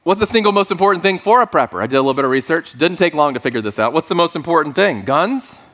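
Guy pastor giving a sermon, chatty and joking at himself, voice sits a bit high. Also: animated, quick pace, a bit bright. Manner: conversational and self-deprecating, with dry asides.

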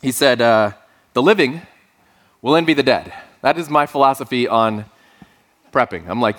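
A man's voice: mid-range voice, normal speed, fairly bright tone. A man preaching a sermon as pastor of his church, talking conversationally with dry, self-deprecating asides.

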